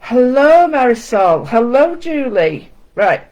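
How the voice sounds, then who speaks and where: A woman's voice: fairly high pitch, sing-song, takes it slowly, darkish tone, muffled recording. A woman hosting a casual live-stream art lesson, chatting, greeting viewers by name and making self-deprecating asides. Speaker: art session host. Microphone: home setup with camera.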